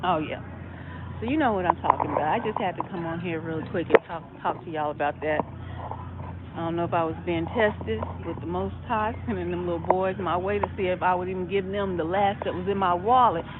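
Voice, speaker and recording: A woman's voice: on the low side, brisk. A woman talking to her followers on a phone vlog while shopping in a store, rambling and repeating herself as she thinks aloud. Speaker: vlogger. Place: inside a store. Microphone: phone held while walking. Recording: tinny phone audio in a noisy store.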